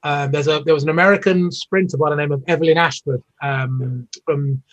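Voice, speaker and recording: A British man in his fifties tells long stories as an interview guest, rambling with many fillers and restarts. His voice sits a bit high for a man. He comes through a dull, lo-fi video-call line. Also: fairly even intonation, brisk. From United Kingdom. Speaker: interview guest, former Olympic athlete. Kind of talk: casual storytelling interview.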